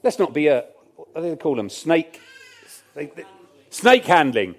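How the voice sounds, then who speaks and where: A man's voice: on the high side, big pitch swings, measured pace, soft background music. A man preaching a sermon in a church, conversational and emphatic, with jokey asides to the congregation.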